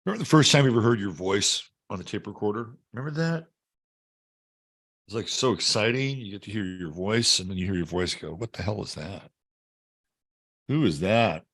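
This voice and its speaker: Chatty low-voiced man hosting astrology. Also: a little fast. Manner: chatty, jokey, lively. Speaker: astrology show host. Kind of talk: casual livestream chat.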